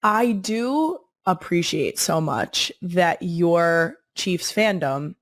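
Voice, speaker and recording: A woman's voice: fairly low pitch, animated, drawn-out words. A woman from the Philadelphia area hosting a casual podcast interview, asking questions in a teasing, dryly playful way. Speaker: podcast host.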